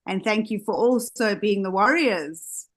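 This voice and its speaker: A woman giving an earnest, idealistic speech about community on a video call, speaking slowly and deliberately. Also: mid-range voice. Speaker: community leader.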